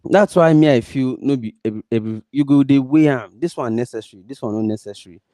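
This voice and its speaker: A man with a Nigerian accent, mixing Pidgin into his English, speaks directly to listeners in earnest commentary, pleading with emphatic, repeated stresses. His medium-pitched voice is mellow and quick, with no room sound.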